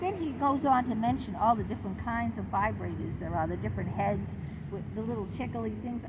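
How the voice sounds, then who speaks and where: A middle-aged woman vlogger telling a personal story in an indignant, animated, exclaiming way. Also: fairly high pitch, brisk, very noisy. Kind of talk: confessional storytelling to camera.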